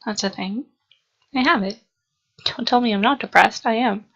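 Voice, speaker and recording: A young woman rambling earnestly to her camera, halting with ums and restarts, a little sleepy. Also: on the high side, gravelly, a bit bright, highs cut off. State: sleepy, yawning. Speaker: vlogger. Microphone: camera mic.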